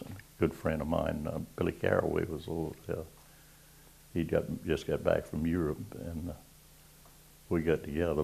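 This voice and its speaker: A man's voice: low-pitched, vocal fry, mellow, slightly rough. A man around ninety from South Carolina with a Southern accent, telling old navy stories in a folksy, rambling way. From Georgetown, South Carolina. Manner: folksy, rambling, chuckling between tales. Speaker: WWII navy veteran interviewee. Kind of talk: oral history storytelling.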